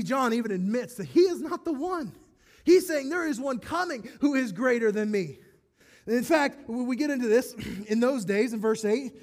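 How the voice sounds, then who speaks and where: High-voiced, enthusiastic male pastor. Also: darkish tone. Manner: enthusiastic, conversational, self-deprecating humor. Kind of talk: sermon.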